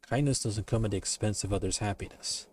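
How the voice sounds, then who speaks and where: A man's voice: lowish voice, a little fast, a little hiss or hum, close to an everyday voice. A man doing a firm, stern shepherd. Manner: firm, flat refusals. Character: stern, patient male shepherd guarding his lambs. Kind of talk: playful dramatic reading of a comic.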